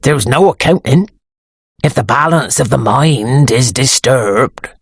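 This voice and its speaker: A woman doing a stolid husky police sergeant. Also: a bass voice, lively intonation, unhurried, dry recording, clean studio sound, heavily acted. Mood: steady. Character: stolid middle-aged male police sergeant. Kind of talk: audiobook character reading.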